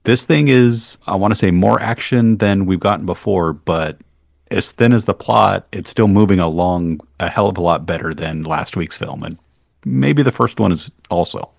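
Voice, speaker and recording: A man's voice: sits low, moderate pace, gravelly, no room sound. A man co-hosting a casual movie commentary podcast, rambling and restarting mid-sentence, swearing casually. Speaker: podcast co-host.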